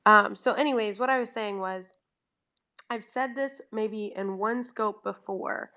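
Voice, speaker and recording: Bright and forceful, her medium-pitched voice moves at a measured pace. She hosts a livestream from home, chatting casually, explaining at length, and acting out exchanges by quoting herself.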